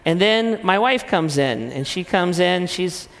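A man with a high speaking voice gives a loose, joking talk to a crowd. He pokes fun at himself as he goes. His voice trails off into a long hall reverb. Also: lively intonation, measured pace, fairly bright tone. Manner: conversational, self-deprecating, jokey. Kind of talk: humorous sermon-style talk.

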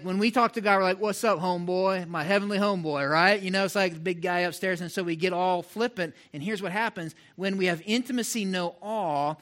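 Middle-aged guy preaching, lively and chatty with the crowd, slightly higher voice. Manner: animated, mimics voices for illustration, direct address to congregation. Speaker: pastor. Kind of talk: sermon.

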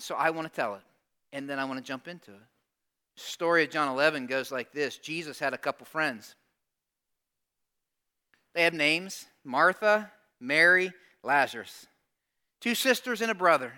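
A man preaching with a high, bright voice. He tells the story in a lively, conversational way and slips into the voices of the people in it. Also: normal speed, pauses often. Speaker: pastor. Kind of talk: sermon.

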